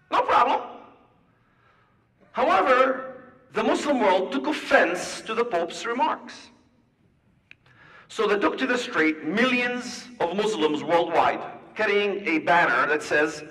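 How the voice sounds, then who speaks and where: A man with a high, bright voice gives an animated storytelling lecture. He leans on rhetorical questions and acts out dialogue. He sounds distant in a hall with long reverb. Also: a little slow, long pauses. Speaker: public speaker. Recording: echoey hall from far off.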